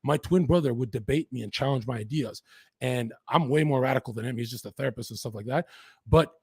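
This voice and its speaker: A man from western Canada, a podcast guest, telling his story in an intense, profane, rapid-fire way. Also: medium pitch, gravelly, a little mellow, husky, dry recording. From Lower Mainland, Canada. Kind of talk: candid storytelling in an interview.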